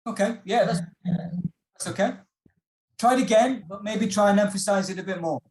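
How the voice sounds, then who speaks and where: An encouraging man teaching over a video call, his voice a bit higher than most men's. He repeats his instructions and fills pauses with ums. The sound bounces around an echoey room. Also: a little mellow. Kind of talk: online workshop teaching.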